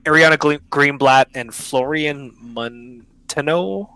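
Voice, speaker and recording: Excitable young man hosting a podcast. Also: a little high, takes it slowly, no echo, rough recording. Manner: enthusiastic, slangy, self-interrupting. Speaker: podcast host. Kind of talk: casual podcast chat. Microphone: online call.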